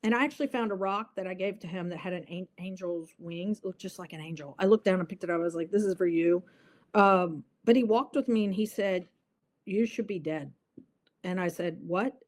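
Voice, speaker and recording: A woman's voice: lowish voice, fairly quick, a little mellow. A woman guest in an interview, telling a personal story earnestly and vividly, with many fillers.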